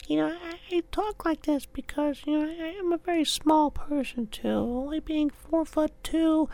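A tiny, shy little man, speaking softly in a high, creaky voice and stumbling over his words. The sound is dry and close. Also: fairly even intonation, normal speed, no room sound. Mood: timid. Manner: hesitant, stammering, soft. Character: tiny timid soft-spoken man.

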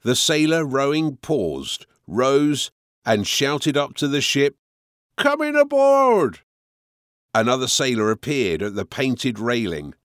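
A man narrating an audiobook in a slow, expressive storytelling way. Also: mid-range voice, no room sound, studio quality.

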